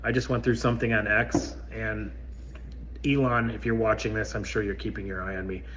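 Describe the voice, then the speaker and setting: A man's voice: lowish voice, little pitch movement, fairly quick, a bit bright, a little hiss or hum, low-quality recording. A man giving an earnest, solemn monologue to camera in a played video clip.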